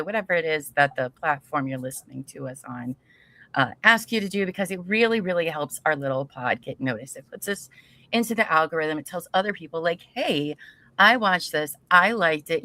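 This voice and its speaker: A low-pitched woman, co-hosting a casual podcast. Her voice is bright and pointed, and she bounces quickly through teasing banter. The recording is close and dry. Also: no echo. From US Midwest. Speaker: podcast co-host.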